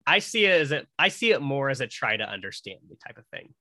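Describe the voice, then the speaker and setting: A man's voice: mid-range voice, big pitch swings, fast talker, bright, forceful tone, no echo. A man co-hosting a casual movie podcast, talking thoughtfully about films. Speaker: podcast co-host.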